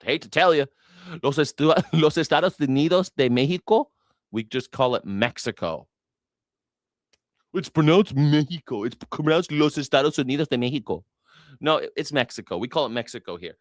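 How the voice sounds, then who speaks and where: An American man hosts a news reaction stream. He sounds sarcastic and mocking and swears freely, at a mid pitch. His voice is recorded close and dry, with almost no room sound. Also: animated, moderate pace, dry recording. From United States. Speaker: news reaction show host. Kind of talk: profane livestream commentary.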